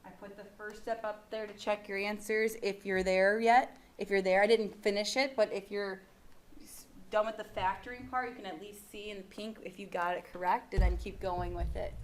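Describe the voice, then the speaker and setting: A woman's voice: medium pitch, fairly even intonation, normal speed, slight background noise. A woman teaching a math lesson to a class in a patient, encouraging and casual way.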